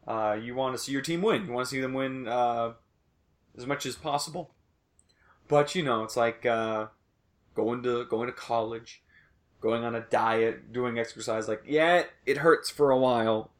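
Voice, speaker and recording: A man's voice: mid-range voice, fairly even intonation, normal speed. A young man hosting a casual sports podcast, rambling loosely and swearing now and then. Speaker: podcast host.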